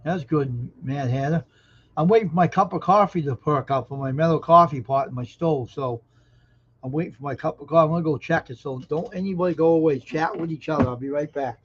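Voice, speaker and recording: A man's voice: a little high, a little fast, a little hiss or hum. A man hosting a casual live stream from home, chatting with viewers, greeting them by name and grumbling and cursing at his earbuds and phone. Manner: grumbling, curses at his gear. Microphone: earbuds linked to phone. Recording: dull lo-fi stream audio.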